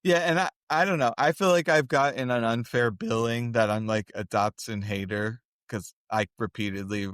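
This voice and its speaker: A man's voice: medium pitch, a bit bright, no echo, clean studio sound. A man co-hosting a podcast, in casual chat, breaking things down in long running explanations. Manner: analytical, talks in long run-on explanations. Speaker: podcast co-host.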